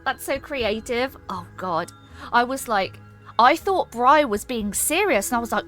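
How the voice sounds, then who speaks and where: A woman streamer talking casually over her gameplay. Her voice sits a bit high, and she teases, jokes and chats to viewers in a playful, giggly way. Game music plays faintly behind. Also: lively intonation, a little slow, a bit bright. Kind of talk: casual gaming stream chat.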